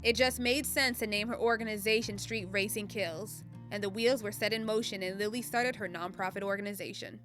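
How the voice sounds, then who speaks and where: A woman giving scripted narration for a local cable TV profile, even and informative. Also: mid-range voice, brisk, few pauses, soft background music.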